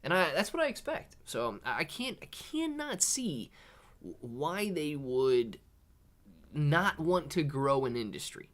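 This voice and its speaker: A man's voice: a little high, big pitch swings, measured pace. Casual streamer man saying "dude" a lot. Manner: casual, says "dude" and "man" a lot, thinks aloud with restarts; talks softer to keep quiet near children. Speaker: livestream host reading chat. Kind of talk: casual live-stream chat.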